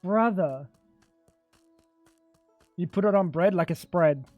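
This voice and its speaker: A man's voice: high voice, slow, dry recording, narrow, tinny audio, soft background music. A young man livestreaming a game, bantering with his chat in a joking, profane way. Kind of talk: casual gaming livestream chat.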